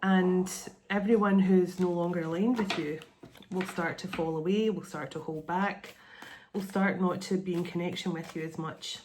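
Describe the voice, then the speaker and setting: A woman's voice: lowish voice, steady tone, moderate pace, darkish tone, slight background noise. A middle-aged woman giving a channeled spiritual card reading, meandering and repeating phrases in an earnest, reassuring way. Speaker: tarot and oracle card reader.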